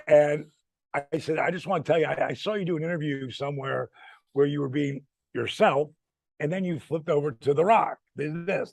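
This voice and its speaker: This retired wrestler in his sixties has a slightly high, gravelly voice, captured in a dry recording. Chatting casually, he spins a tale from the wrestling road, swearing freely and performing the voices of those he quotes.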